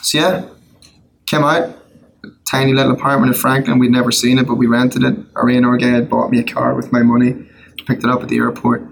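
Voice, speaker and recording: A middle-aged Irish man, a songwriter, telling his personal story in a casual interview, earnest with quick asides and restarts. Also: medium pitch, flat delivery, vocal fry, a little hiss or hum, poor audio. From Ireland. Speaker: guest, worship songwriter.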